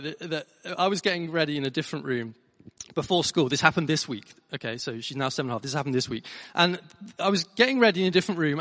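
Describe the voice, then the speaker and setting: Middle-aged male pastor, bright, emphatic storytelling preacher, slightly high voice, long church reverb. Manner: animated storytelling with emphatic repeats. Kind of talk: sermon.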